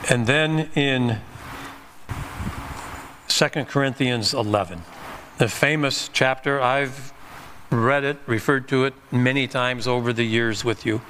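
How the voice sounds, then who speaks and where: A man's voice: mid-range voice, fairly bright tone, a little hiss or hum. A man preaching a sermon as pastor, emphatic, pushing his voice up on key points and sometimes restarting words.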